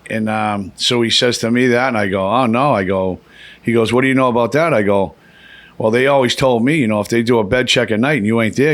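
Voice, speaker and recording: A man hosting a podcast, telling stories and acting out quotes from others. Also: on the low side. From Boston area. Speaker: podcast host. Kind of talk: casual storytelling chat.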